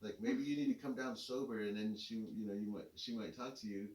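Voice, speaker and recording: A middle-aged man telling a rambling personal story in a relaxed, casual way. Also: on the low side, fairly quick, distant mic. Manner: laid-back, rambling with many fillers. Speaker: co-host telling his story. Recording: echoey room, voice a bit off-mic.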